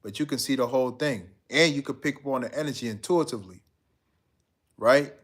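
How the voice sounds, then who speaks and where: A man's voice: mid-range voice, fairly quick. A man hosting a live stream, chatting casually and reading out viewer comments in a laid-back, slangy way. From United States.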